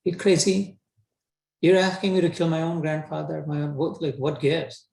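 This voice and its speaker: Man putting on an anguished warrior prince, raised pitch, casual pleading, roomy echo. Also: flat delivery, normal speed, creaky, a little mellow. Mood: incredulous. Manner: incredulous, pleading, colloquial.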